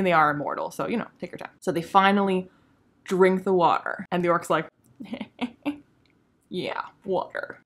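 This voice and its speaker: A woman hosting a comedic review vlog, talking with dry, sarcastic, deadpan humor. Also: fairly low pitch. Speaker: video host reviewing a show.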